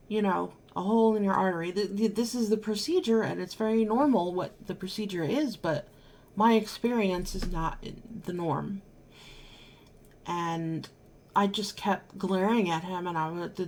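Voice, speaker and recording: A woman's voice: mid-range voice, darkish tone. A married woman vlogger telling a personal story to camera in an emphatic, exasperated way, now and then swearing. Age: adult, married.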